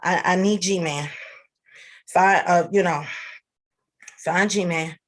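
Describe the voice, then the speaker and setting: A woman's voice: lowish voice, fairly even intonation. Upset woman stammering on a livestream. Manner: agitated, halting, many restarts and stammers. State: upset, near tears. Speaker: livestream host. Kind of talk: upset livestream address to viewers.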